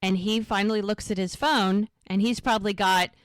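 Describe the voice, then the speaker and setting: A woman co-hosting a podcast, recapping a TV episode in a casual, animated way and quoting the characters as she goes. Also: mid-range voice, moderate pace, no room sound. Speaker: podcast co-host.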